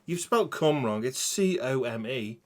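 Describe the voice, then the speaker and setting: A man's voice: mid-range voice, expressive, moderate pace. A man hosting a crude comedy podcast, teasing his co-hosts in a mock-dramatic, sweary way. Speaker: podcast host.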